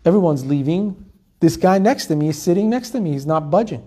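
Animated Jewish storyteller man, high voice. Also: a little fast, husky. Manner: animated storytelling, acting out the people in his stories. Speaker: Torah teacher. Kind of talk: storytelling Torah class.

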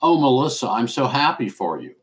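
A man voices an elderly, genteel aunt in a storybook. She speaks softly and properly, in an old-fashioned way. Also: medium pitch, big pitch swings, brisk, lightly acted. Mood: gentle.

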